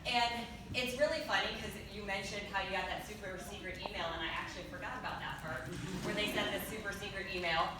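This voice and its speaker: A woman's voice: medium pitch, fairly even intonation, fast, very echoey, distant mic, background noise. A woman fitness trainer giving a candid, chatty motivational talk on stage to a crowd of coaches. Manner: chatty, candid, acts out quotes, laughs often. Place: large event hall with live crowd.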